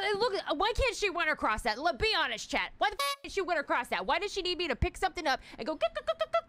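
A woman's voice: very high voice, a bit bright, a little hiss or hum. A woman streamer, giving jumpy live commentary on a horror game, shrieking in fright and chatting with her viewers.

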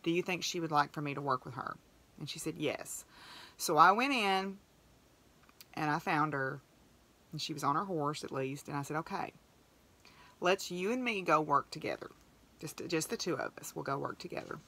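Her voice low and her tone bright and forceful, a woman hosting a podcast relates a story casually and with plenty of feeling. She moves at a moderate pace with lively intonation and long pauses, voicing the quoted dialogue herself.

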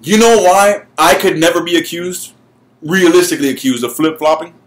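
A man's voice: on the high side, normal speed, a little hiss or hum. A man who runs a gaming channel, ranting to camera in a heated, profane way and repeating his words when he gets worked up. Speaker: gaming YouTuber. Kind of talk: ranting vlog.

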